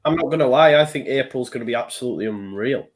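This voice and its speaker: A man in a casual football chat, emphatic and excitable. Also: mid-range voice, quick pace, a loud crowd. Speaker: panelist.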